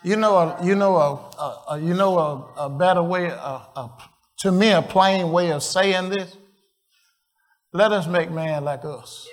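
Slow-preaching man. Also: high voice. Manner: call-and-response questions to the congregation; slow, halting, repeats and restarts phrases. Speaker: pastor. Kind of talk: sermon.

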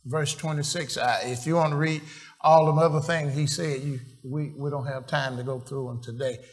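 A man's voice: a little high, fairly even intonation. A man preaching a sermon, quizzing the congregation with questions and often restarting his phrases. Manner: call-and-response questions to the congregation; slow, halting, repeats and restarts phrases. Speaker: pastor.

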